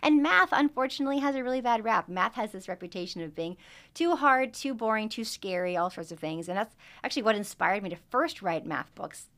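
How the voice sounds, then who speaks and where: A woman who is a guest on a podcast, talking in an animated way and laughing easily. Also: mid-range voice, a little fast. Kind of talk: casual interview chat.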